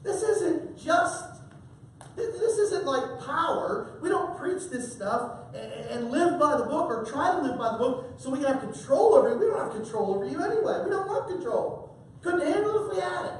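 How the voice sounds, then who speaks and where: A man preaching a sermon in a church, folksy and animated, with humorous asides and stories. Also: extremely high pitch, a little hiss or hum. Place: church sanctuary. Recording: very echoey hall from far off.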